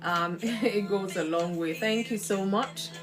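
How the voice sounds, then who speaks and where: A woman's voice: mid-range voice, slow. A woman hosting a live social-media stream, chatting casually and greeting viewers by name. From Nigeria. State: coughing from kitchen fumes.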